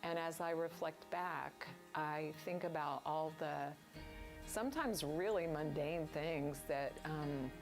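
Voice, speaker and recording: A woman telling her story as a cancer survivor in a gentle, heartfelt, reflective way. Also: low-pitched, slow pace. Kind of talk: reflective testimonial. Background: soft guitar music.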